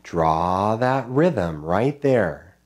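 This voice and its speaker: Guy teaching kids music, slow and patient, chants rhythms, voice goes up and down a lot. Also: on the low side, lively intonation, slight background noise. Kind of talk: online music lesson for children.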